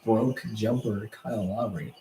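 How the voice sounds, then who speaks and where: A young man with a slightly low voice, chatting easily and calling out plays while he watches a game with a friend. He sounds laid-back and jokey. The recording has a roomy echo and faint background noise. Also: steady tone, a little slow, warm tone. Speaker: podcast co-host.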